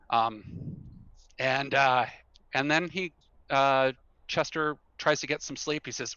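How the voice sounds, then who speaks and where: A man running a tabletop game, narrating in a rambling way with lots of fillers. His voice is bright and forward. The room sounds dead dry, and the audio is dull and lo-fi. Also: fairly high pitch, a little slow, dry recording. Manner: rambling, with many fillers and frequent laughter. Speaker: game master.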